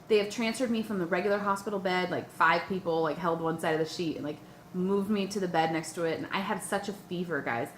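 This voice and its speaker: A young woman with a slightly low voice tells a personal story to her viewers. She sounds animated and a little breathless, and she fills her talk with "like" and "um". The recording carries a noticeable room echo over a faint background hum. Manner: excited and breathless, lots of "like" and "um", acts out her own panicked questions. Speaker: vlogger. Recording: echoey room with faint ambient noise.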